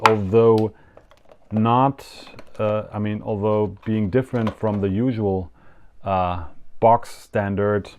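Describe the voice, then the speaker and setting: A man's voice: fairly low pitch, slight background noise. A man with a German accent hosting a yo-yo show, rambling and self-mocking through a live unboxing. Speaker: yo-yo show host.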